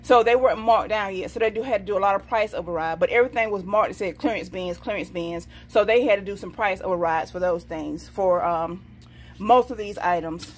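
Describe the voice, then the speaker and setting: A woman's voice: medium pitch, a little fast. Lady going over her haul receipt, folksy and chatty, bit of faint noise behind. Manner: chatty, folksy, says "okay, baby" to herself. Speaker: vlogger showing a shopping haul. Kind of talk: casual haul video, reading a receipt.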